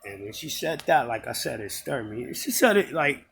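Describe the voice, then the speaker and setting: A man's voice: mid-range voice, sing-song, moderate pace, gravelly, fairly bright tone, slight background noise. A man telling a personal story in a casual, rambling way, often stopping to correct and repeat himself. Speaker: storyteller recounting a personal encounter.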